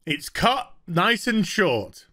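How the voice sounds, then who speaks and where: An English man hosts a sarcastic TV recap, sounding fed up and amused in turn. His voice is bright and lively, rising and falling widely, and he talks at an unhurried pace. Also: sits high. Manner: mocking, exasperated, laughing. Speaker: host. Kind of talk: sarcastic TV episode review.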